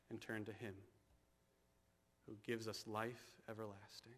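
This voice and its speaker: A male pastor preaching a sermon in a church, moving from hushed, slow passages to loud, fervent calls. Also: mid-range voice, steady tone.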